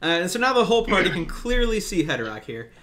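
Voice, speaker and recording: A man narrating as dungeon master of a tabletop game, with many pauses and restarts. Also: high-pitched, very animated, background noise.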